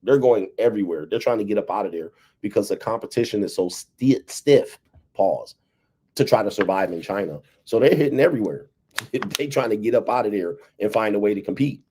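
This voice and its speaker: A man's voice: lowish voice, expressive, fairly quick, dark tone, slightly rough. Laid-back man hosting a livestream. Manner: loose, laughing, talks straight to viewers. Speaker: livestream host. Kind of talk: casual livestream commentary.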